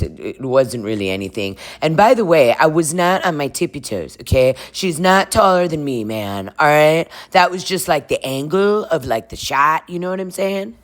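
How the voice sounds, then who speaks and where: A woman imitating a defensive, evasive male reality-show star who rambles and keeps saying "you know, like.". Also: low voice.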